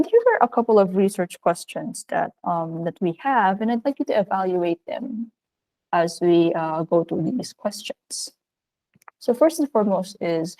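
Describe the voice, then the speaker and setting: A woman with a Filipino accent, teaching a recorded video lesson. She speaks in an upbeat, animated way, with sudden lifts in pitch. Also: normal speed, rough recording. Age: adult of working age.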